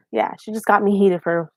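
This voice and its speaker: Young woman from Haiti, YouTube vlogger, slow chatty delivery, dry close recording. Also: mid-range voice, no room sound. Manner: slow, chatty storytelling with fillers and laughs. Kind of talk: casual live-stream chat.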